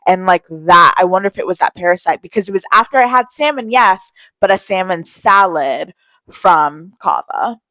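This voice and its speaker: A woman's voice: fairly low pitch, lively intonation, normal speed, bright, forceful tone, no room sound, poor audio. A young woman in casual vlog chat, telling candid stories about her day and swearing freely. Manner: chatty storytelling, candid and swearing. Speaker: vlogger.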